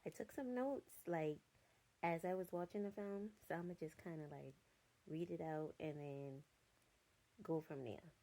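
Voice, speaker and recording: Young woman, film reviewer, slow unhurried delivery, lowish voice, blunt and cussing, exasperated. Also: dark tone. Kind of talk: casual spoken review reading from notes.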